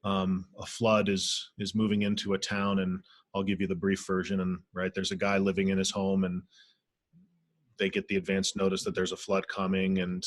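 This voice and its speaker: A man with a low voice leads an online healing circle as a spiritual teacher. He speaks gently and reflectively, often pausing on soft fillers over a video call. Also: completely flat delivery, dry recording.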